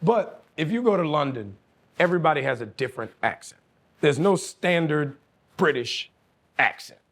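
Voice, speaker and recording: A man, telling profane, animated stories as a guest on a casual podcast. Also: a little high, moderate pace. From New Orleans, USA. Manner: animated, profane storytelling with frequent laughter. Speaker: guest actor. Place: podcast studio.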